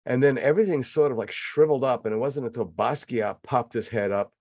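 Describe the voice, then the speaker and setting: A man in his sixties from New England, hosting a podcast in casual interview chat, telling stories in an animated way with lots of fillers. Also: mid-range voice, a little fast, dry recording, studio quality. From New England, USA. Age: 60s. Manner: animated storyteller with many fillers. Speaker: podcast host.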